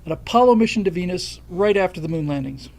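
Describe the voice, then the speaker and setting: Gravelly, high-voiced older American man. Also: lively intonation, quick pace, darkish tone. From United States. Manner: blunt, emphatic, thanks donors. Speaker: livestream host. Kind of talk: casual opinionated livestream talk.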